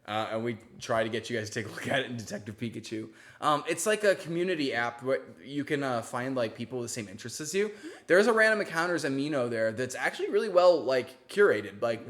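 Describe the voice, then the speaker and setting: A man's voice: mid-range voice, fairly bright tone. Chatty man hosting a live stream. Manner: chatty, giggly, reads out viewer questions. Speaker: host. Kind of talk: casual live-stream chat.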